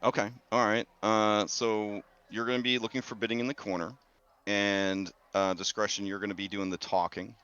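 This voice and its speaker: A man's voice: lowish voice, flat delivery, normal speed, fairly bright tone, smooth, dull audio. A man running a tabletop game as game master, narrating and voicing side characters in a dry, comic manner.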